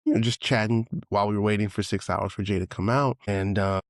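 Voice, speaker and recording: A man's voice: fast talker, no room sound, clean studio sound. A man in his forties with a New York accent, a podcast host telling a personal story in a loose conversational way and acting out quotes. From Brooklyn, New York. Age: 40s. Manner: loose, conversational, acts out quotes with excited higher voice. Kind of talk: reflective casual storytelling.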